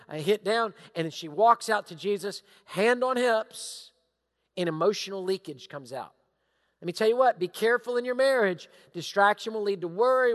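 A middle-aged male pastor giving a sermon, emphatic and repetitive, sometimes dropping into hushed asides. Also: sits high. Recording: long hall reverb.

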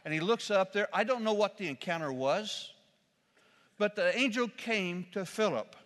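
A man with a high, bright, ringing voice delivers a sermon from the pulpit of a church. He tells stories with humor and breaks into loud, shouted quotations. The sound carries a long hall reverb. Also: animated, normal speed. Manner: storytelling with shouted acted quotes and humor. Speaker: pastor.

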